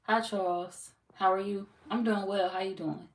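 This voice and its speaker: Steady in tone and medium in pitch, a young St. Louis-accented woman talks at a moderate pace as she hosts a tarot livestream. She jokes and curses casually with her viewers, and the audio is roomy and distant, with light background noise.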